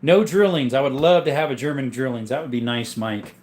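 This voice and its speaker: A livestream host showing his gun collection speaks briskly in a medium-pitched voice. He's easygoing and rambling as he reads out chat names, and since he's sick, he coughs now and then.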